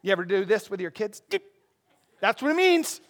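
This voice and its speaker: A male pastor with a high voice preaches an expository sermon at normal speed, keeping it conversational and animated with frequent asides to the congregation.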